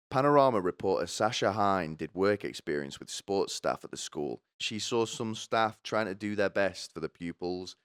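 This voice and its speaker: A man's voice: lowish voice, clean tone, no room sound, studio quality. A young man giving sarcastic, rambling comedy commentary, swearing often.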